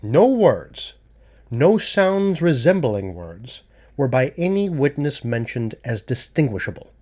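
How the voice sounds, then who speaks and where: A man voicing a cool-headed male amateur detective who lays out his reasoning in a measured, lecturing way in an audiobook reading. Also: mid-range voice, very animated, darkish tone.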